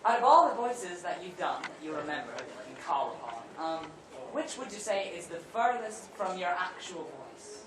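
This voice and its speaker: A man's voice: sits high, very animated, moderate pace, few pauses. A man in the audience asking a question in a hesitant, polite way. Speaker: audience member. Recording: echoey hall, far from mic, noisy.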